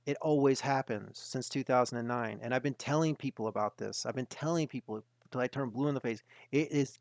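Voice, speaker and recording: A man's voice: mid-range voice, creaky, no echo, studio quality. A man hosting a market webinar, talking emphatically and repeating his points to drive them home. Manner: emphatic, repetitive, insistent.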